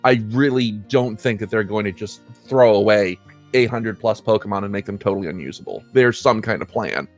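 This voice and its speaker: A man's voice: on the low side, fairly quick, soft background music. Casting: young male podcast host, easygoing, chatty, restarts lines a lot. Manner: rambling, self-correcting, laughs often. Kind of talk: casual chat.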